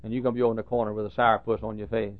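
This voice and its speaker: Animated folksy preacher man, lo-fi. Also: fairly low pitch, rapid-fire. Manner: folksy, animated preaching with sudden loud rises and hushed asides. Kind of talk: sermon. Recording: dull lo-fi recording.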